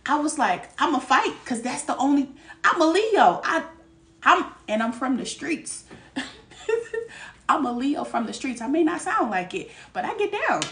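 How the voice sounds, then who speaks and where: A woman giving a live tarot reading. She talks in a candid, lively way, laughs often and uses streetwise slang. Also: sits high, measured pace, recorded from a distance. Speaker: tarot reader. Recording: echoey room, voice a bit off-mic.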